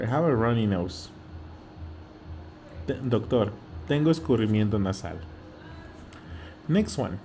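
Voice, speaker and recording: With a warm, mid-range voice and a Mexican Spanish accent, a man teaches vocabulary slowly. This Spanish teacher patiently says each word again and often asks "okay?".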